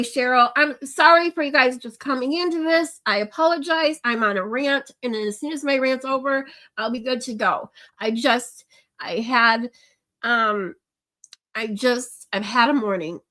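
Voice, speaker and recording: Woman, livestream host, crying while she vents, halting, restarts a lot, fairly high voice. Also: sharp tone. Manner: ranting, emotional, many restarts and fillers. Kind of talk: casual chat with viewers.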